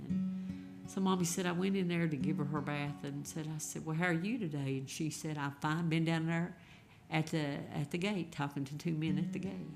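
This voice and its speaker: A songwriter spins a gentle, folksy story at a live round, halting now and then to find the words. The voice sits at an ordinary middle pitch, with a guitar faintly in the background. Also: gravelly. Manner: folksy, gentle, unhurried with many pauses. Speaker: singer-songwriter. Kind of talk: storytelling between songs.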